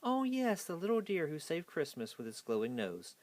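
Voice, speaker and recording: A man voicing a grumpy, bossy ice witch who shouts and huffs, in a children's storybook reading. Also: a little high, wildly swooping pitch, normal speed, dry recording, pitched above the performer's own voice. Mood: sleepy apology. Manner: shouting, huffy.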